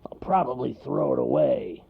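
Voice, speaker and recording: A man doing a gruff grumpy bear. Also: mid-range voice, huge pitch swings, pitched above the performer's own voice, exaggerated voice. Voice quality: growling, snarling. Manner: slow, curt. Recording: lo-fi recording.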